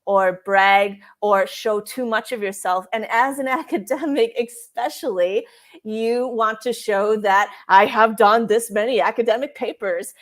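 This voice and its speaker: A woman's voice: fairly high pitch, measured pace. A woman interviewed as a career coach for expats, talking casually with frequent restarts and filler words.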